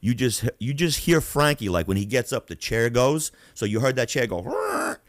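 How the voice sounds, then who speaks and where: A man hosts a podcast and spins street stories in a loose, profane way. His pitch sits at an ordinary middle for a man. The sound is dry and close. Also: moderate pace, no room sound. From Queens, New York. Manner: animated, profane, acts out voices. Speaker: podcast host. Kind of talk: casual storytelling.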